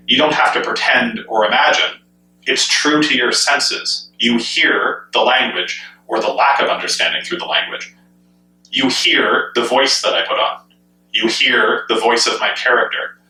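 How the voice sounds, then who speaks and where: Bright-voiced man in an echoey room. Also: mid-range voice. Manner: enthusiastic, asks many rhetorical questions. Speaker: gaming commentator. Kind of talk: speculative solo commentary. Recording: echoey room, mic at a distance.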